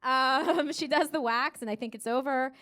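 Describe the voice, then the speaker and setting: An American woman performing a live stand-up routine, telling a story with lively acted-out voices and laughing along with her own jokes. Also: high voice, normal speed. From United States. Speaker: stand-up comedian. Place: comedy stage in front of a live audience.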